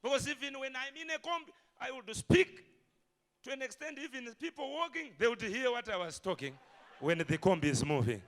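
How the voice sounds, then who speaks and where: A pastor tells stories in his sermon, and his voice swings widely and breaks into shouts. His tone is high and bright. He sounds forceful and bursts into loud peaks. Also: brisk. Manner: animated storytelling with shouted peaks.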